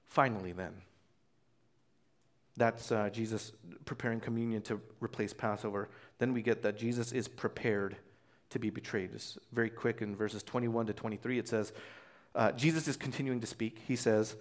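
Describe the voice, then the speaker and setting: A man's voice: on the low side, moderate pace. A man preaching a conversational sermon as pastor, telling the story casually and acting out voices.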